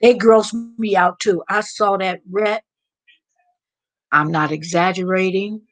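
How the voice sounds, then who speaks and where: An American woman hosting a live stream, chatting and telling stories with animated asides. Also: mid-range voice, slow. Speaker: vlog host. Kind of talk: live stream casual chat.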